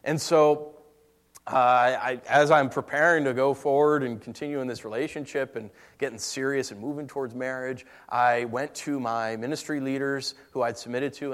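In a medium-pitched voice, a preacher shares a personal story during his sermon. His delivery is emotional, dropping to a hush and then rising again.

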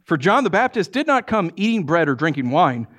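A male pastor preaching a sermon in a lively, joking way, often putting on voices for quotes. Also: brisk. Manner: animated, acts out quotes in high voices, jokes with congregation.

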